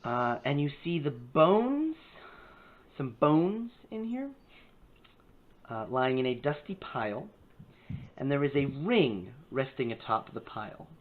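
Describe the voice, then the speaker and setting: Game master on a tinny phone-like line. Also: male voice, mid-range voice, very animated, slow pace, long pauses. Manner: describes scenes with many fillers and restarts. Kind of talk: narrating a tabletop game. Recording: tinny phone-like call with faint hiss.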